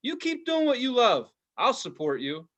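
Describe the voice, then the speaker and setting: A man with a high, bright voice that swoops all over as he riffs through casual podcast banter. He talks in an animated, jokey way, slipping in quick put-on voices. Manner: animated riffing, acts out voices. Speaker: podcast co-host. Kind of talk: casual comedic chat.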